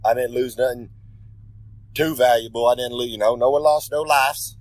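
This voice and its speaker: A pro wrestler on his regular segment delivers a swaggering, wandering promo, talking about himself in the third person and revising his lines mid-stream. He speaks at normal speed with medium pitch and fairly even intonation, in a rough recording without room sound.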